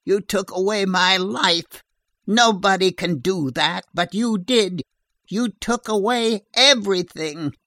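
Vengeful unhinged woman, shrill and shouting, played by a man reading a horror story, dry close sound. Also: takes it slowly, dry recording, full character voice. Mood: furious. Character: enraged middle-aged woman, unhinged, vengeful.

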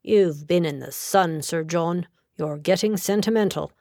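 A woman's voice: lowish voice, a little slow, mellow, no room sound, clean studio sound. A woman voicing a brusque young male lawyer who speaks rudely and sardonically, in an audiobook. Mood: blunt. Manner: blunt, sardonic.

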